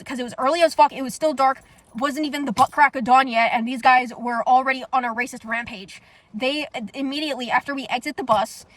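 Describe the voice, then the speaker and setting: Fast-talking, blunt young woman. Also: a little high, no room sound. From United States. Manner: blunt, profane, animated storytelling. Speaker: vlogger. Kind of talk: casual storytime monologue.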